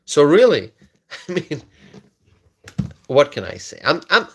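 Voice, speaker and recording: A man's voice: on the high side, very animated, slow, husky. A man hosting a political live stream, who laughs often, repeats his words and reads viewer comments aloud. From United States.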